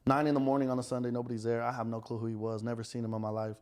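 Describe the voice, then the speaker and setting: A young man, telling stories in casual podcast chat, animated and profane. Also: medium pitch, rapid-fire. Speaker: podcast guest, restaurant owner.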